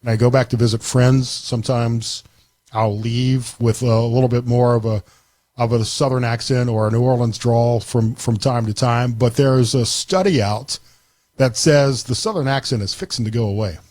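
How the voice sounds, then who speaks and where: A man's voice: medium pitch, fairly even intonation, moderate pace, a little mellow, no echo. Easygoing man hosting talk radio. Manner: easygoing, conversational, frequent restarts. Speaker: radio talk show fill-in host. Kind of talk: casual talk radio chat. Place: radio studio.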